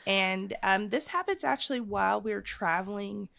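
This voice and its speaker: A woman's voice: mid-range voice, expressive, moderate pace, gravelly, fairly bright tone. A woman co-hosting a podcast, giving a chatty, rambling recap full of fillers. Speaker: podcast co-host.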